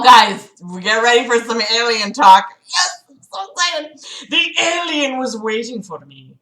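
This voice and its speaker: A woman reads a book aloud on her livestream, then cuts in with exasperated, sarcastic asides and plenty of swearing. Her voice is bright and forceful, and the room around her rings with echo. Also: fairly high pitch. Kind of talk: dramatic reading with mocking commentary. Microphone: streaming mic.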